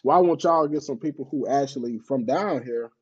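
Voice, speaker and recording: A man with a Mississippi Southern accent, a guest in a casual conversation, talking in a relaxed, profane way and repeating his phrases as he goes. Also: medium pitch, moderate pace, a crowd in the background. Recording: dull lo-fi sound.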